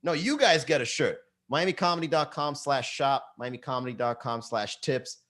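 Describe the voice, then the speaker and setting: Animated comedian host telling stories. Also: male voice, normal speed. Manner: animated storytelling, swearing, jumps into high excited voices for quotes. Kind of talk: casual live-stream chat. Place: Miami.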